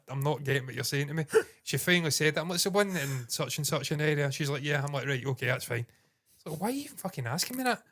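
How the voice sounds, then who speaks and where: A man's voice: fairly high pitch, sharp tone. A Scottish man co-hosting a podcast, telling stories with lots of swearing and mocking impressions. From Scotland. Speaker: podcast co-host. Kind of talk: casual chat.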